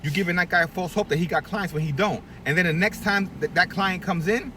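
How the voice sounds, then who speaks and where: A man's voice: high voice, fairly quick, bright, forceful tone, distant mic, a little hiss or hum. A middle-aged man who owns a barbershop, giving blunt, profane advice to other shop owners and acting out the people he quotes. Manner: blunt, profane, preachy, acts out quoted voices. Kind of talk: candid advice rant to camera.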